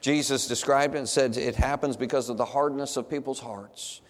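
In a church sanctuary, a pastor preaches a sermon to his congregation, emphatic and full of rhetorical questions. His mid-range voice holds a steady tone at normal speed, and long hall reverb fills the recording.

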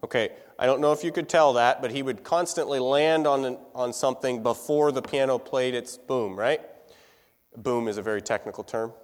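A man's voice: mid-range voice, moderate pace, soft background music. Man lecturing in an echoey hall. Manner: conversational, asks the room questions. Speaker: music teacher. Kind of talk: classroom lecture.

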